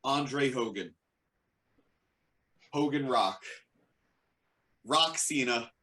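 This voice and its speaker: A man's voice: medium pitch, drawn-out words, sharp tone. Playful, rambling man in casual chat. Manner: playful, rambly, corrects himself mid-sentence. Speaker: wrestling podcast co-host.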